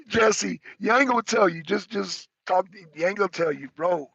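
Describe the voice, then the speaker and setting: A man with a notably high voice talks in loose, animated chat, cursing freely and often breaking into laughter. He stumbles over and repeats words as he goes. The recording is dry and dull, like a lo-fi stream. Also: a little slow, gravelly, husky, no room sound. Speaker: talk show panelist. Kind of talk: casual chat.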